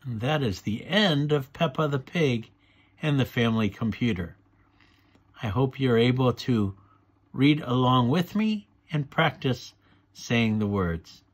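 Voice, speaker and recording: A man reading a children's storybook aloud, slowly and deliberately, for kids to read along. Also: mid-range voice, expressive. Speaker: storybook reader.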